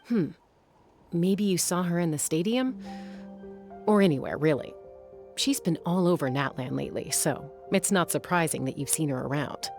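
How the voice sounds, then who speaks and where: A woman voicing a calm, steady woman mentor and warrior, reading game dialogue aloud in a reassuring, measured way. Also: low voice, vocal fry, faint music behind, voice pushed down.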